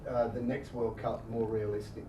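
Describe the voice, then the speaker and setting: A man's voice: medium pitch, little pitch movement, normal speed, warm tone. A man, a journalist, pressing with follow-up questions at a press conference. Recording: distant mic, echoey noisy room.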